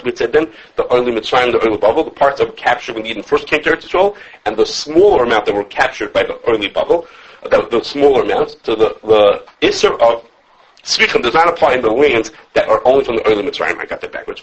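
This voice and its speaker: A man who teaches a class on religious law. He lectures with lively animation, thinks aloud, restarts his sentences, and quotes his sources as he takes questions from students. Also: medium pitch, slightly rough, lo-fi sound. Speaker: rabbi teaching a halacha class.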